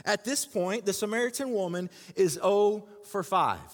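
A man with a very high speaking voice preaches with energy in a church, calling out to the congregation and asking them to repeat lines back. His voice carries a long hall reverb around it. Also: moderate pace. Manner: energetic, calls for audience responses. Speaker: pastor. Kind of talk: sermon.

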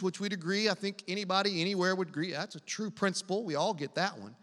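High, bright-voiced man preaching in a hall. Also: sing-song, fast, hardly any pauses. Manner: asks the congregation to respond, conversational and emphatic. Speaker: pastor. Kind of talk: sermon.

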